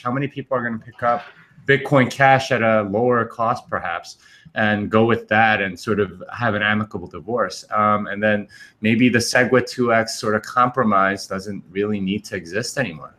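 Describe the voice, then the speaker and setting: Man, bright tense voice, casual livestream panel, hesitant, fillers, remote call. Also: lowish voice, normal speed. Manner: hesitant, many fillers, thinks aloud.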